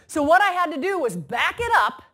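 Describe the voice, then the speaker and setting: A woman's voice: very high-pitched, moderate pace. A woman motivational speaker telling stories to an audience, acting out the voices of the people in them. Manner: animated storytelling, acts out quoted voices. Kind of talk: keynote talk to an audience.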